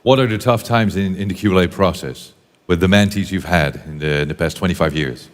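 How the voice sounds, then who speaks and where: A man's voice: sits low, brisk. A man interviewing a speaker, asking short questions. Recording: reverberant hall.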